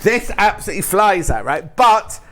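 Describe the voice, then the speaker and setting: A man's voice: sits high, sing-song, normal speed, a bit bright, a little hiss or hum. Jokey man pushing live deals. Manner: jokey, urgent, repeats prices and stock counts. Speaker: shopping channel presenter. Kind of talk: live sales presenting. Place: television studio.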